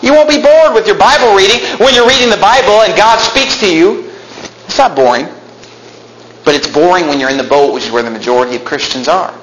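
High, bright-voiced preaching man. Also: a little fast, reverberant, slight background noise, low-quality recording. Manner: animated, acting out quotes, bursts into shouting. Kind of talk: sermon.

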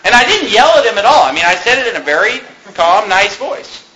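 A man's voice: high-pitched, big pitch swings, fairly quick, pushed and bright. A male pastor telling a story from the pulpit in an emphatic, conversational way, chuckling now and then. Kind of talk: sermon storytelling. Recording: echoey room.

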